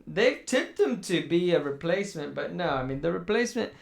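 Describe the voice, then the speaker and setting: A man's voice: sits high, sing-song, a little fast, creaky. A young man hosting a casual chat, rambling and swearing in mock mourning. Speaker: podcast host.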